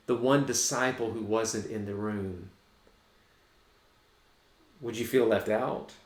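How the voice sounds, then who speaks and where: A man pastor giving a reflective, conversational sermon in a church. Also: medium pitch. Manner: reflective, conversational preaching with restarts. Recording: echoey room.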